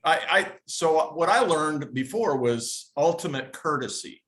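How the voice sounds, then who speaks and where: A man's voice: on the high side, expressive, unhurried, fairly bright tone. A man on a video call, earnestly recounting his experience to a coach and searching for words as he goes. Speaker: caller in a Q&A session. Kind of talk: casual storytelling.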